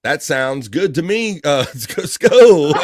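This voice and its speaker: A man's voice: a little high, background noise. Easygoing Baltimore man hosting a livestream. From Baltimore area, United States. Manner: easygoing, reads viewer comments aloud, laughs easily. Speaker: livestream show host. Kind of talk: casual livestream chat.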